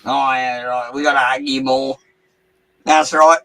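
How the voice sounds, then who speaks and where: A man's voice: medium pitch, fairly even intonation, unhurried, sharp tone, dry recording. An Australian man on a livestream panel, provocative and sarcastic in an argument. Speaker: panel guest. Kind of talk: heated livestream panel chat.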